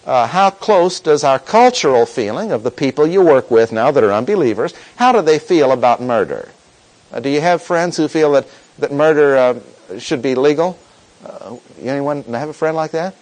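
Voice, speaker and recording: In a rough recording, a male preacher gives a sermon with a voice on the high side, animated and rising and falling. He emphasizes quoted verses deliberately and poses questions to the congregation.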